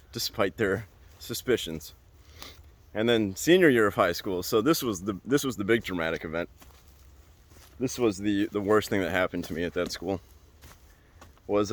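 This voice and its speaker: A young adult man hosting a podcast, telling a story in a casual, animated way and repeating phrases for emphasis. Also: lowish voice. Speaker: podcast host.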